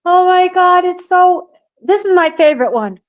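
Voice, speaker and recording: A woman's voice: very high voice, lively intonation, moderate pace, over a noisy crowd. A woman on a casual podcast, gushing and giggly in the banter. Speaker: podcast co-host.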